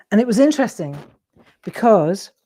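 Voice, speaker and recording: Middle-aged woman, slow unhurried talk, rambling chatty host drawing live. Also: mid-range voice, mellow. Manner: rambling, chatty, self-interrupting. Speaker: craft demonstrator and host. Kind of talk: casual chat while drawing live.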